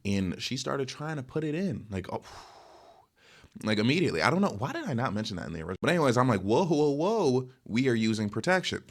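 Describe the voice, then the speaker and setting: A young man telling a casual, rambling story in slangy storytime style. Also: fast. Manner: rambling slangy storytelling, animated swings in pitch. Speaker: content creator.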